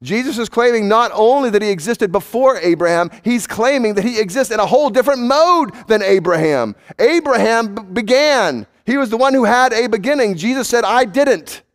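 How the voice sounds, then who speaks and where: A male pastor preaches with emphasis, moving between raised urgency and hushed, low intensity and repeating words to drive points home. His delivery is brisk, with lively intonation and few pauses.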